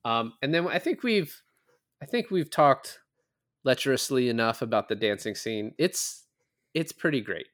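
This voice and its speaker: A man's voice: mid-range voice, animated, normal speed, a bit bright. A man co-hosting a podcast, casually recapping a film with lots of fillers and acted-out quotes. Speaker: podcast co-host. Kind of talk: casual movie-review chat.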